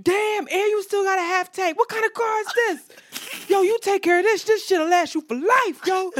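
A man's voice: very high-pitched, moderate pace, a bit bright, dry recording, voice pushed up. A woman voicing a pushy streetwise man from her neighborhood, lecturing and repeating "baby girl". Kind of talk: retold quote in a casual podcast chat.

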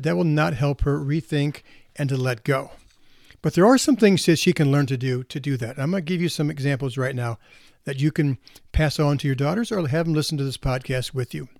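A man who works as a counselor for teenage girls, giving calm advice to parents on a podcast. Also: a little high, creaky, no room sound, studio quality.

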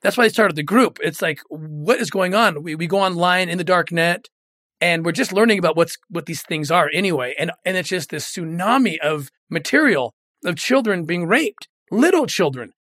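An earnest middle-aged man speaks in a fairly high voice, recounting hard memories with open feeling as an interview guest. The sound is dry and close, with no room around it. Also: lively intonation, moderate pace, a bit bright, no room sound. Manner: earnest, emotional, retells quoted dialogue. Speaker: former federal agent, interview guest. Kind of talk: candid interview storytelling.

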